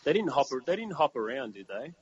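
Laughing Australian man, lively pitch. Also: fast talker, dull audio, crowd noise. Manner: animated, laughs often, mild swearing. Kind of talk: casual chat.

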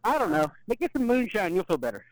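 A man with a Southern accent co-hosts a podcast, joking and giggling his way through. His voice is notably high. The sound is dry and close. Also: very animated, quick pace, no room sound, rough recording. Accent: Southern American. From Tennessee. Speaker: podcast co-host. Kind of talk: casual chat.

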